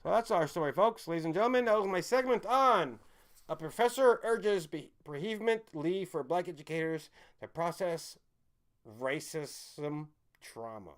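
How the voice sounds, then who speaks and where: A man with a slightly high voice rants through a live stream monologue. He is heated and profane, jumping between loud outbursts and low mutters. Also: expressive, moderate pace.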